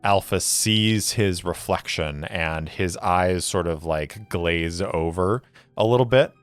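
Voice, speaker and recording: Low, slow-talking man narrating a game. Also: clean tone, soft background music. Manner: relaxed, hedging with fillers. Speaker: solo player narrating. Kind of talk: narrating a solo tabletop game.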